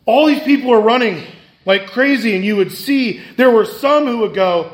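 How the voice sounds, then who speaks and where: A pastor with a high, light voice delivers a sermon, repeating his key phrases for emphasis. He moves between loud, pressing lines and quiet, hushed ones. The sound bounces around an echoey church hall. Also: moderate pace. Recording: echoey room.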